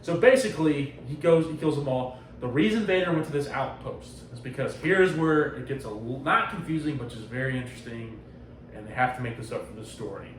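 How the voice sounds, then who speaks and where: A man hosts a loose comic book chat, talking quickly and cursing freely as he acts out the lines of each character. He sounds a little far from the mic in a roomy, echoing space with faint noise underneath. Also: medium pitch. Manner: animated, profane retelling with acted-out quotes. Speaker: podcast host. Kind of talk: casual comic book discussion.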